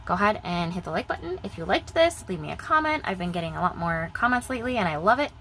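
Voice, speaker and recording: A woman's voice: lowish voice, animated, quick pace, fairly bright tone, slight background noise, low-quality recording. A young woman chatting casually in her vlog, rambling and repeating herself as she talks about budgeting. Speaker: budgeting vlogger.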